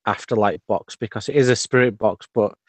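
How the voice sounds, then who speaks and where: A man chatting as a guest on a video call, soft-spoken and explaining things patiently, with many fillers. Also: on the low side, steady tone, fairly quick, no room sound. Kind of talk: casual video-call chat.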